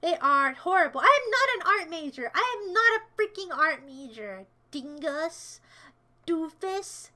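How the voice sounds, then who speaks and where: A woman's voice: very high voice, big pitch swings, measured pace. A woman livestreamer chatting casually with her viewers in a playful, rambling way, teasing and mock-defending herself. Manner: bursts into shouted mock-villain commands. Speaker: livestreamer answering chat.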